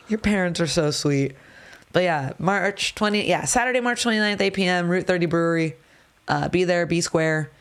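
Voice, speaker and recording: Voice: medium pitch, normal speed, fairly bright tone, clear, resonant tone. A podcast host in casual chat about a comedy show they are producing, joking and laughing often. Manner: chatty, laughs often, jokey.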